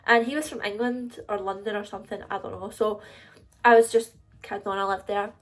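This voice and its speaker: A woman's voice: medium pitch, fairly even intonation, a little fast, faint music behind. A woman in her twenties with a Scottish accent, chatting in a casual storytime vlog, confiding and filler-heavy. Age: 20s. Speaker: vlogger.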